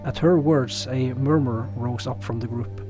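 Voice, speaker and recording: A man with a pronounced non-native English accent, narrating and commenting on a game in a relaxed, self-deprecating way. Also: mid-range voice, unhurried, music in the background. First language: not English. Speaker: let's play host.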